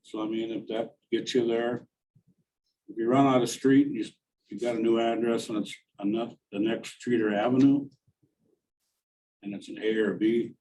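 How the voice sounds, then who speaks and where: A man's voice: medium pitch, fairly even intonation, moderate pace, long pauses, warm tone, far from the mic, slight background noise, low-quality recording. A man on a committee giving his blunt opinion in a meeting discussion.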